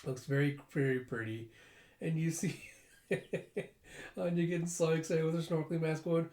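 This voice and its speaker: A man's voice: a little high, steady tone, moderate pace, pauses often, darkish tone, echoey room. A man casually recapping a comic chapter in a rambling, chatty way with many fillers. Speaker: comic reader and reviewer. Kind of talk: casual comic read-through.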